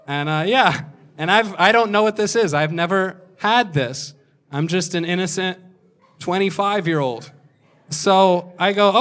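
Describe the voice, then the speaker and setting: A man doing stand-up at a comedy club, telling a long story in a deadpan way and acting out what people said. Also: high voice, moderate pace, smooth. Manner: deadpan delivery with acted-out quotes.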